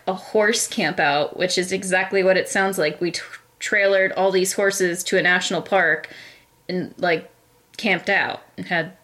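A woman's voice: fairly low pitch, fairly bright tone. A young woman co-hosting a podcast, telling a long embarrassing story in a casual, self-mocking way and laughing often. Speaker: podcast co-host.

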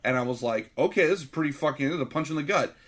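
A man's voice: a little high, lively intonation, racing. Blunt, profane man recapping a movie.

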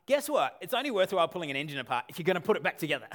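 A man delivers a sermon to his congregation. He preaches in a conversational, animated way, tossing in rhetorical questions and quick asides. His voice sits on the high side for a man and swings widely in pitch. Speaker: pastor.

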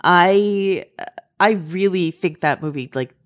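Chatty woman hosting a podcast. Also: lowish voice. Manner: chatty, quick asides with many fillers. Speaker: podcast host. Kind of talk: casual chat.

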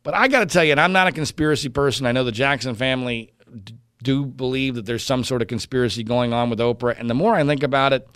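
A man's voice: medium pitch, fast, a bit bright, smooth, dry recording, studio quality. A man giving an indignant opinion commentary monologue, mocking other voices and often restarting his sentences.

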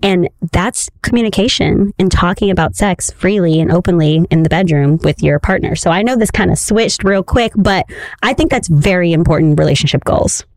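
Animated laughing woman podcast co-host. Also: fairly low pitch, moderate pace, dry recording, studio quality. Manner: animated, laughs often, playful. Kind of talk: casual chat.

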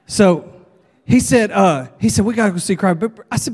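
Folksy preacher in a church hall. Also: male voice, high-pitched, a little fast. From Texas. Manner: folksy, animated storyteller. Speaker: revival preacher. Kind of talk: storytelling sermon. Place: church sanctuary. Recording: long church reverb.

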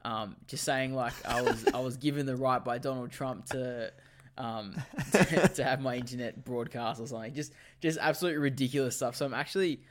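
A man co-hosting a podcast, a little hoarse from a sore throat, telling stories with lots of laughs. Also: mid-range voice, normal speed, a little hiss or hum. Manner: laughing, loose storyteller. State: slightly lost voice, sore throat. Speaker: podcast co-host. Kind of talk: casual chat.

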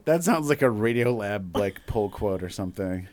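A man's voice: fairly low pitch, animated, darkish tone. Dry, wry man talking art. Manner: dry, wry, halting restarts. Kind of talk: casual chat about art.

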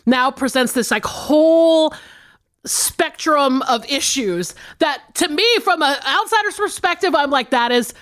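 A woman co-hosting a podcast, joking and swearing in an animated way, laughing often. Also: sits high, measured pace. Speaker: podcast co-host. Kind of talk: casual chat.

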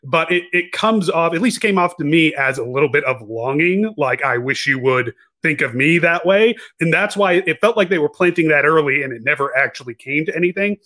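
A man's voice: on the high side, lively intonation, fairly quick, few pauses, sharp tone. A man co-hosting a podcast, chatting casually about a film with lots of restarts and self-corrections. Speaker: podcast co-host. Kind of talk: casual podcast review chat.

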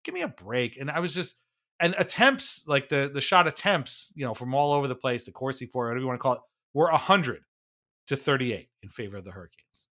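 A man's voice: medium pitch, sing-song, brisk, pushed and bright. A man co-hosting a sports podcast, ranting in exasperation with frequent swearing and laughs. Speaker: podcast co-host. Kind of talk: casual sports talk.

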